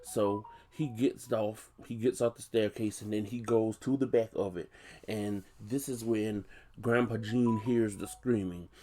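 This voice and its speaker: A man's voice: lowish voice, fairly even intonation, a little slow, dark tone. A man casually retelling a film's plot as a reviewer, chatty and loose, with frequent conversational asides. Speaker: movie reviewer. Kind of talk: casual movie plot recap.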